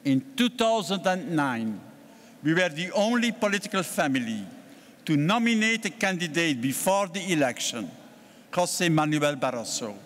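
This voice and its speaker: In a big congress hall with long, ringing reverb, an older man with a Belgian accent, serving as party president, gives a formal address. His fairly bright voice sits slightly high for a man, and his delivery is deliberate and measured, with strong stress on key words.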